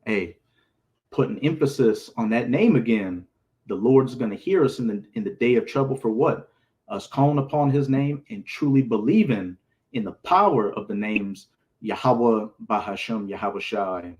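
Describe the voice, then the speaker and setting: A man's voice: medium pitch, moderate pace, a little mellow. A man leading a scripture study, commenting emphatically on verses with casual street phrasing. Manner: emphatic, repeats sacred names, street phrasing. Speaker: bible study leader.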